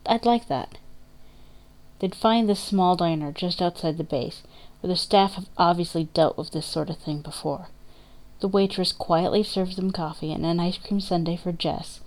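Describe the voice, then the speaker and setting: A woman reads dramatic fiction aloud, with measured, emotive narration. Her voice sits fairly low for a woman, and she gives the story steady attention. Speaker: story reader.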